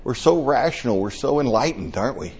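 Older male preacher, chatty and emotional storyteller, mid-pitched, muffled lo-fi recording. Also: lively intonation, a little fast, darkish tone, slight background noise. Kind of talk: conversational sermon.

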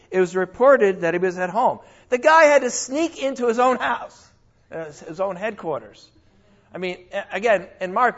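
A man who teaches the Bible speaks in a high voice, animated, breaking into sudden exclamations and correcting himself, on a dull lo-fi recording.

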